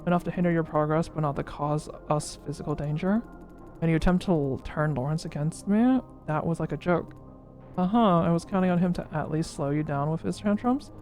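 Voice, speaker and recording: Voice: mid-range voice, brisk, darkish tone, faint music behind. A game streamer reading a story game's dialogue aloud during a playthrough, giving each character's lines their own emphasis. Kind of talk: voicing visual novel dialogue in a playthrough.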